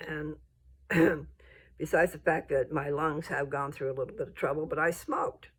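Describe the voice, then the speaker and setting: A woman's voice: low voice, normal speed, husky. Blunt scolding older woman. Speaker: vlogger. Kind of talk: casual rant to camera.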